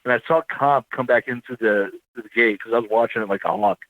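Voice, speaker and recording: A man, an army veteran, telling his story in a casual interview, rambling and halting as he corrects himself. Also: mid-range voice, no room sound, narrow, tinny audio.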